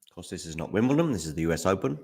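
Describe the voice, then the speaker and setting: A watchalong host with a low, husky voice talks very fast during a live tennis stream. He's relaxed and musing, humming and using fillers while eating chocolate.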